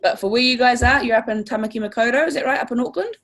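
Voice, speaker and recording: A woman's voice: on the high side, racing, a bit bright. A woman with a New Zealand accent teaching a class, upbeat and encouraging, stretching words out to model sounds. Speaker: language teacher.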